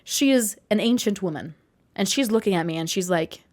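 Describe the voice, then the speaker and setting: A woman's voice: mid-range voice, animated, brisk. A young woman in her twenties telling a personal story in a casual vlog, chatty and rambling, with asides and self-corrections. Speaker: vlogger.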